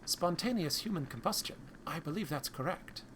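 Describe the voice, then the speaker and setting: A man's voice: on the high side, lively intonation, normal speed, a bit bright, a little hiss or hum. A man streaming a game live, making wry, musing asides about the scenes.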